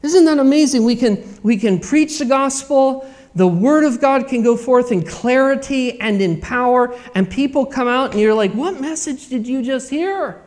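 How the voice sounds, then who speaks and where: A man with a high voice delivers a sermon to his congregation. He preaches earnestly and repeats himself, dropping to a hush and then rising to loud emphatic bursts. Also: moderate pace. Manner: earnest, repetitive preaching with dramatic swings in loudness. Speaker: pastor.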